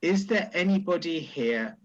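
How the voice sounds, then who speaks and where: A man's voice: on the high side, lively intonation, unhurried, dull audio. A man compering a comedy gig in a jokey way, coaxing the crowd into rounds of applause. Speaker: compère. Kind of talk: stand-up compering.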